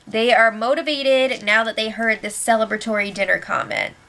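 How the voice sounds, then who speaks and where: Woman host, bright and slightly high voice, chatty opinionated recap with quick asides. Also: creaky. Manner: chatty and opinionated, acts out quotes. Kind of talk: casual spoiler recap.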